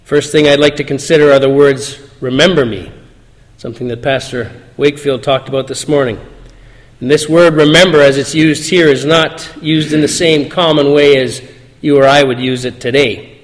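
Male preacher, earnest and measured, slightly high voice, long church reverb. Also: steady tone. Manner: earnest, measured scripture reading. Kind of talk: sermon. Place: church sanctuary.

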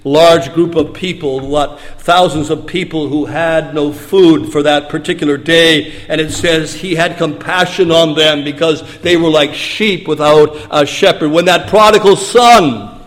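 Preaching man in a reverberant hall. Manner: preaching, swinging between hushed low passages and raised emphatic lines. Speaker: pastor. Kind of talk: sermon.

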